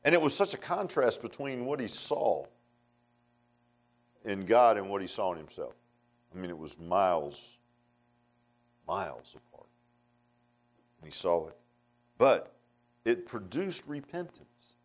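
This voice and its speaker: A man preaching a sermon in a folksy, conversational way, swinging between emphatic outbursts and hushed asides. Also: fairly low pitch, big pitch swings, measured pace, pauses often.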